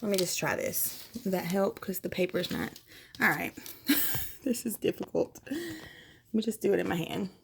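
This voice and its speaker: A woman's voice: medium pitch, vocal fry, slight background noise. Chatty young woman. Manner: chatty, frank, with many fillers. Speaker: vlogger sharing pregnancy test results. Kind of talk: casual chat to camera. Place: home, indoors.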